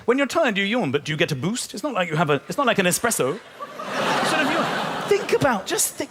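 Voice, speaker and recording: A British man performing stand-up on a theatre stage, acting out sounds and little voices with a lot of energy. His voice sits high and swings widely in pitch. The hall is roomy and echoing, with a loud crowd and plenty of noise around him. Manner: animated, exaggerated sound effects and mock voices. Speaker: stand-up comedian. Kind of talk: stand-up comedy set.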